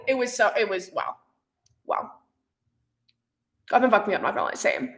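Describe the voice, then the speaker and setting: A woman's voice: mid-range voice, big pitch swings, moderate pace, fairly bright tone. A young woman hosting a live watch party, chatting casually, laughing often and swearing freely. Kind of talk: casual livestream chat. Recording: roomy echo.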